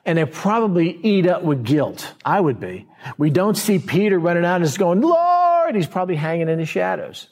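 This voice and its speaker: A man preaching a verse-by-verse sermon in a conversational way, slowing down to stress key words and acting out scenes in quoted voices. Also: fairly high pitch, expressive, darkish tone. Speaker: pastor.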